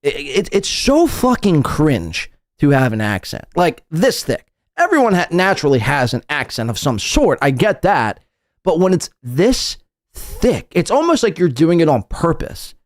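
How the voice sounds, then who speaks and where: A man's voice: on the high side, huge pitch swings, unhurried, no room sound, studio quality. A man hosting a podcast, mocking a guest's clip with crude, sarcastic commentary. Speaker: podcast host.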